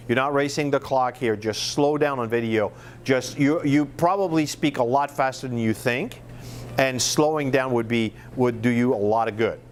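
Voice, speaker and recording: French guy running a marketing workshop, casual and chatty, mid pitch, bit of hiss behind. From France. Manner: casual and chatty, many fillers and restarts. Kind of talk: workshop teaching.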